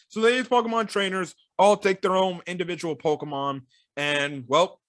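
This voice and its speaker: A man's voice: a little high, lively intonation, normal speed, a bit bright, no echo, clean studio sound. A man giving a casual, rambling film review, full of fillers and sarcastic asides.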